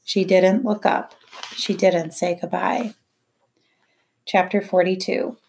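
A woman reading a novel aloud in first person, in a measured storytelling way. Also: lowish voice, gravelly, darkish tone, slight background noise. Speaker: audiobook narrator. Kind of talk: scripted narration.

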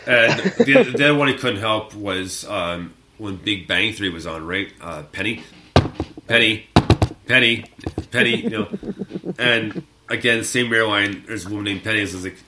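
A man co-hosting a radio show, chatting casually, animated, often laughing and mimicking people. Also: on the low side, moderate pace, heavy background noise. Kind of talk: casual on-air chat.

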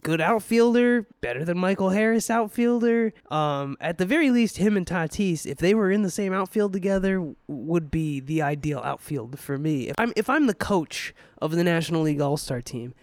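Higher-voiced man, opinionated podcast co-host. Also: expressive, moderate pace, hardly any pauses, dry recording, clean studio sound. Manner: opinionated, self-deprecating, hedging with fillers. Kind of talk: casual sports chat.

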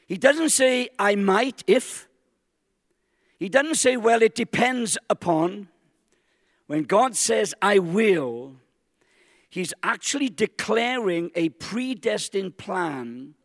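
A man preaching a sermon, emphatic and rising to exclamations with dramatic slow stresses. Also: high voice, studio quality. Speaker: pastor. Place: large church hall. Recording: long hall reverb.

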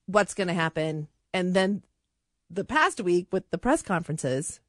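A woman's voice: on the low side, animated, measured pace, dry recording. A woman co-hosting a radio show, chatting about sports in a thoughtful, explaining way in a studio. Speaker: radio co-host. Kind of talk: casual sports chat.

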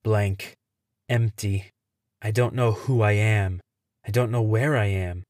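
A man who hosts a podcast, telling a tense first-person story in a measured way. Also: on the low side, steady tone, darkish tone, no echo, studio quality.

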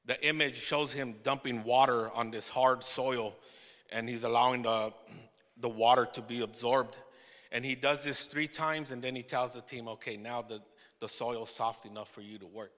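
A man preaching a testimony sermon to his church, telling the story with laughing asides and halting restarts. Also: medium pitch, steady tone, a bit bright, in a large hall. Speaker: pastor.

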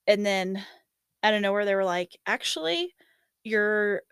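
A woman's voice: mid-range voice, lively intonation, measured pace, a bit bright, smooth, no echo, studio quality. A young woman telling a long personal story in casual chat, laughing often and acting out what others said. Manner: laughing storyteller, lots of fillers, acts out quotes.

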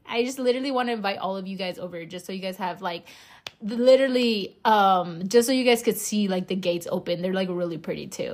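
A woman's voice: medium pitch, brisk, a little mellow. A young woman hosting her own podcast, chatting casually, joking and swearing, rambling with lots of fillers. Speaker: podcast host. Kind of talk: casual chat.

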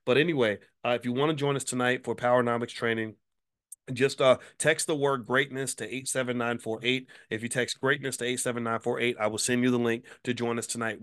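Fired-up guy ranting on his show, cussing, lots of rhetorical questions, mid-pitched voice. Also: a bit bright. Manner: profane, angry rhetorical questioning; promotional plugging. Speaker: host, finance commentator. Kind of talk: fired-up video commentary.

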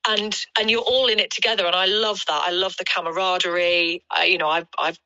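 Brief: chatty female athlete guest, crisp bright voice, slightly dull lo-fi call audio. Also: fairly low pitch, fairly even intonation, brisk, no echo. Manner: chatty, laughs often. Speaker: interview guest, endurance athlete. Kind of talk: casual interview. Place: her bedroom at home.

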